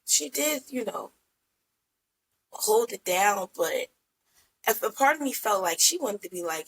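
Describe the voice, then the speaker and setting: A woman co-hosting a podcast in casual chat, chiming in often with quick agreement and questions. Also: medium pitch, expressive, fairly bright tone, rough recording. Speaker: podcast co-host.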